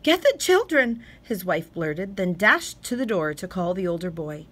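Audiobook reader: woman, low-leaning pitch, measured storytelling. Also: sharp tone, slightly rough. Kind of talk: scripted narration.

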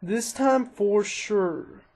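Man, casual gameplay commentary, excitable, self-mocking, faint engine hum behind. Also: high-pitched, extremely slow, vocal fry. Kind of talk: casual let's-play commentary. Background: engine noise and crashes from the game.

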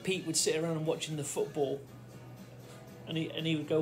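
A middle-aged man with a fairly high voice tells a childhood story, drifting and circling back on himself. He talks casually from his kitchen, with faint music from a radio behind him. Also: level tone, a little fast, pauses often. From the Fens, England. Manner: rambling, self-interrupting storyteller. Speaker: vlogger. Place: home kitchen.

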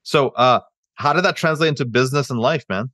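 A man's voice: medium pitch, fairly quick, bright, forceful tone, dry recording, studio quality. A man hosting a podcast, thinking aloud with restarts and stammers. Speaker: podcast host. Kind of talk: casual interview chat.

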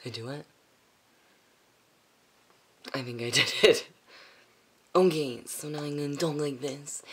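A young man vlogging casually, awkward and self-deprecating, often mumbling softly. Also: a little high, normal speed. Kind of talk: casual home vlog.

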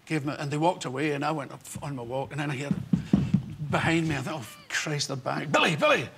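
A Scottish man in his sixties, a talk show guest telling comic stories in an animated way and acting out the voices. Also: on the high side, quick pace, vocal fry, a little hiss or hum. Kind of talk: anecdotal storytelling on a chat show.

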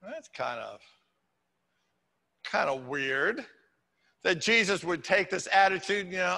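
A man preaches from the pulpit in a high, ringing voice. His tone stays casual and chatty, with dry humorous asides. The church around him adds a long, lingering reverb. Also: lively intonation, takes it slowly, gravelly, long pauses, sharp tone. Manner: conversational, with wry humorous asides. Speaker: pastor. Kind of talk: sermon. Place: church sanctuary.

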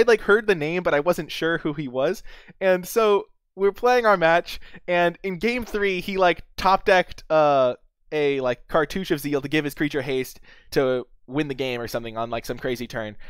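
Rambling young man, higher clear voice. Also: dry recording. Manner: rambling, lots of fillers and restarts, excitable. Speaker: channel host. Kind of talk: casual storytelling to camera.

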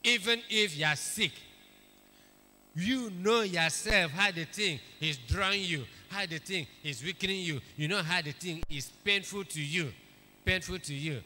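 A man's voice: high-pitched, measured pace, pushed and bright. A man preaching a sermon, emphatic, repeating key phrases and calling for amens. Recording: echoey hall with long reverb.

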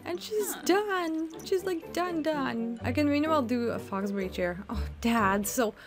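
A woman's voice: high-pitched, animated, unhurried. Giggly young woman chatting over gameplay. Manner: giggly, chatty, laughs often. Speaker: Sims gameplay streamer. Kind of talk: casual gameplay commentary. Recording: music playing behind.

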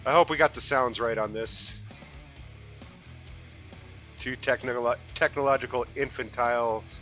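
Casual male host, bright tone, faint metal music underneath. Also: medium pitch, a little slow. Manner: relaxed, talkative. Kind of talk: casual gaming chat. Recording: light background metal music.

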